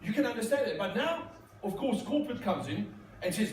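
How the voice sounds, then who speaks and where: At a large conference hall, a corporate speaker and magician gives a joking keynote with magic tricks, playfully teasing and addressing the crowd. His high-pitched voice swings widely and moves briskly. The distant mic picks up the hall's echo and slight background noise.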